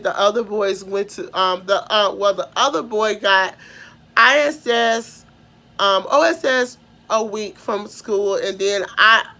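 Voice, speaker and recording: A woman's voice: a little high, bright, forceful tone. Young woman telling a rambling story. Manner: rambling, self-correcting, emotional retelling. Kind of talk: casual personal storytelling.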